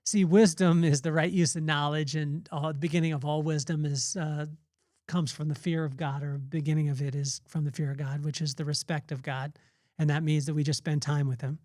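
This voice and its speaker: A man's voice: fairly high pitch, little pitch movement, brisk, a little mellow, no room sound, studio quality. A man hosting a podcast, giving an earnest, rambling devotional talk that often circles back and restarts his phrases. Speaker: podcast host.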